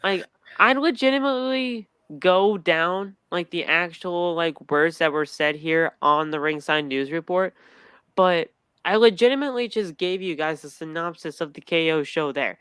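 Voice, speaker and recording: A man's voice: on the high side, normal speed, fairly bright tone, smooth, no echo. A man casually recapping a wrestling show on a podcast, stammering and acting out quotes as he goes.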